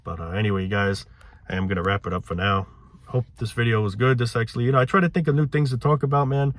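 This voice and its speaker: A man's voice: medium pitch, fast talker. A man hosting his own vlog channel, ranting in a loose, frustrated way, saying "man" often and swearing. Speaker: channel host.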